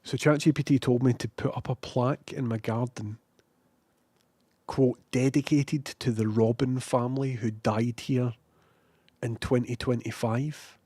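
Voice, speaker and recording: A man's voice: mid-range voice, steady tone, unhurried, mellow, slightly rough, no room sound. A young adult man with a Scottish accent, chatting casually on a livestream and reading out chat, sweary and self-mocking. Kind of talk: casual rambling stream chat.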